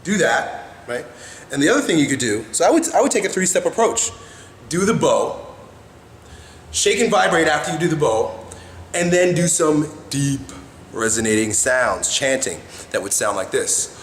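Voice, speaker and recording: A blunt, foul-mouthed man talks straight to the camera like a coach, keeps checking in with "right?" at mid pitch. His voice rings around a reverberant room, and a faint hiss sits under it. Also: lively intonation, normal speed. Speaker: self-help vlogger. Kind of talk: casual coaching monologue. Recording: echoey room with faint noise.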